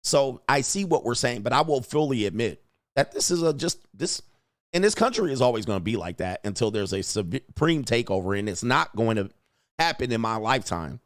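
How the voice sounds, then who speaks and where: A man's voice: medium pitch, sing-song, moderate pace, no echo, clean studio sound. A man hosting a livestream as a coach, talking in a blunt, emphatic, profane way and reading out chat.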